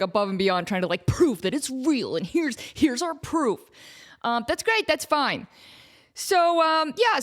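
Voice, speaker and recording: Animated high-voiced woman host. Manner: animated, self-deprecating, acts out quotes. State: out of breath. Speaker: podcast host. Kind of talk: comedic storytelling recap.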